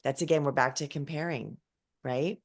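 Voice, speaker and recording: A woman hosting a spiritual conversation, talking in a slow, musing and affectionate way. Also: deep voice. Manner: slow, musing and affectionate, calls people baby. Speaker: host.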